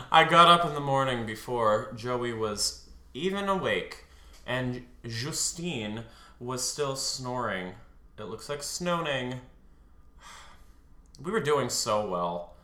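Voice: mid-range voice, reverberant. A co-host reading fan fiction aloud on stage, playful and drily amused, laughing at the text. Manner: slow, playful, deadpan asides, laughs at the text. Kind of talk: live comedic reading with banter. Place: stage before a live audience.

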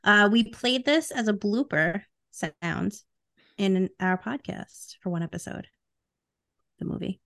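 Playful woman co-host with a lively voice. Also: medium pitch, slow, creaky. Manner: playful, teasing, laughs often. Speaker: podcast co-host. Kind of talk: casual chat, quizzing a guest.

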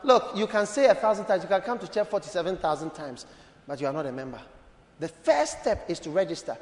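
A man's voice: high voice, fast talker. Playful man preaching to a congregation, voice swooping all over, long hall reverb. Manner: animated, playful, calls on the congregation. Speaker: bishop preaching. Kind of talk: lively sermon. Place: church hall. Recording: echoey church hall.

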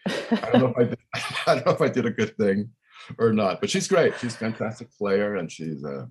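A husky, somewhat low voice from an older man. He tells his stories in a loose, rambling way, full of fillers and restarts. He is a musician guest in a casual interview. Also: very animated, fairly quick. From Brooklyn, New York. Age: 60s.

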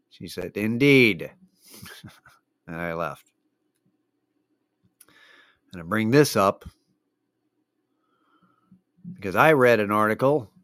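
A man's voice: low-pitched, smooth, no echo, clean studio sound. A man hosting his own show, telling rambling, profane stories in a wry, casual way with lots of fillers. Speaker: podcast host. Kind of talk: casual solo monologue.

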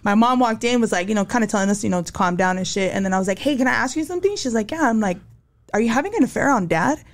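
Young woman spilling her life story on a podcast, talks fast, slangy, does little voices for quotes. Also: medium pitch. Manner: candid, slangy, acts out quotes in raised voice. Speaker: podcast guest. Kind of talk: casual storytelling interview.

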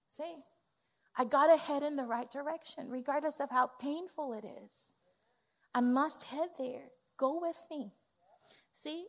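Woman preacher, fairly high voice, emphatic conversational sermon delivery, church hall reverb. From West Indies family. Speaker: executive pastor. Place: church sanctuary.

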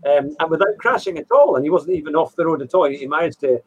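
Male host, rambling and halting, slightly high voice, faint noise. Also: sing-song, dull audio. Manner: rambling, hesitant, with many fillers. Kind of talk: casual chat.

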